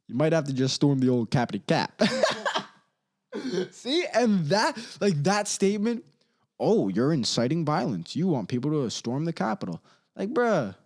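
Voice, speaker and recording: This is a man hosting a comedy podcast, ranting casually in slangy, meandering speech. He swings between loud outbursts and low mutters.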